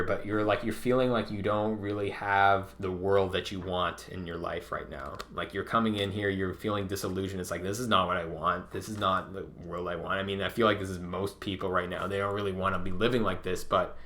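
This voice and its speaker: A man with a low voice reads tarot cards in a relaxed, rambling way. His tone is bright and forceful, and he swears freely and says "like" often. It sounds like a casual reading aimed straight at the viewer. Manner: laid-back and profane, heavy use of "like". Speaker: tarot reader.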